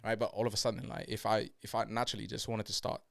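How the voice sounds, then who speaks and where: A young man co-hosting a casual podcast chat, telling animated stories and slipping into mock voices. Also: on the low side, fast talker, vocal fry, no room sound, studio quality. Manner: animated storytelling, slips into mock accents and voices. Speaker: podcast co-host.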